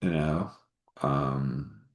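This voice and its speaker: A man telling an improvised story in a casual, halting way, full of fillers and restarts. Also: a bass voice, fairly even intonation, echoey room.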